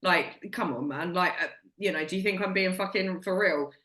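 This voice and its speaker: A blunt woman co-hosting a casual chat podcast, cursing freely and animated as she tells a story. Her voice is bright and sharp-edged, and it rings in an echoey room. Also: fairly low pitch, moderate pace. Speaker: podcast co-host.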